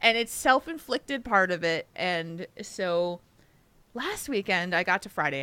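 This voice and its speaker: A woman's voice: fairly low pitch, animated, unhurried, bright, forceful tone, clean tone. A tired woman co-hosting a podcast, chatting casually, rambling and restarting her sentences with frequent laughs. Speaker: podcast co-host. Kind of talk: casual chat.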